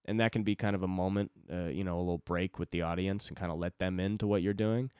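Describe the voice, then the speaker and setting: A man's voice: deep voice, steady tone, quick pace, a little mellow, clear, resonant tone, no room sound, clean studio sound. A man in his twenties talking alone on his own podcast, rambling, swearing and mocking himself. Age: 20s. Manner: rambling, profane, self-deprecating. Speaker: podcast host. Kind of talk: solo podcast monologue.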